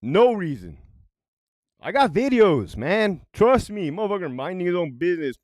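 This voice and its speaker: Recorded cleanly in a studio with no room sound, this middle-aged man, once a correctional officer, recounts prison tales at a moderate pace. His voice sits high, and he's profane, animated and worked up, constantly tossing in "right?" as he narrates.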